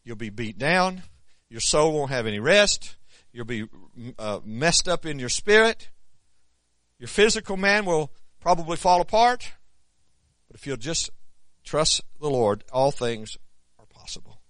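A man preaches in a plain, folksy sermon voice. He climbs to loud, emphatic peaks, then drops to soft, quiet asides. The sound is close and dry, with no room echo. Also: fairly high pitch, sing-song, unhurried.

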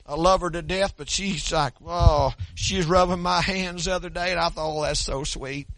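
A man's voice: high voice, fairly even intonation, normal speed, a bit bright, no room sound. An older man preaching a sermon, swinging between folksy stories and emphatic preaching. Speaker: pastor.

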